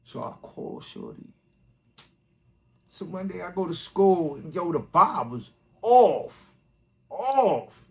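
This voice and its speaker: A man from Brooklyn, a podcast host telling a rambling, animated, slang-heavy story full of swearing. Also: high voice, slow pace, gravelly, pauses often. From Brooklyn, New York. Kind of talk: casual storytelling.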